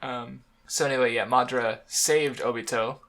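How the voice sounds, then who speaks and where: A man co-hosting a casual podcast about comics. His voice is bright and forward, sitting at an average pitch. He rambles and restarts often and breaks into laughter as he talks. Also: steady tone, moderate pace. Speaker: podcast co-host. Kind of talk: casual chat about manga.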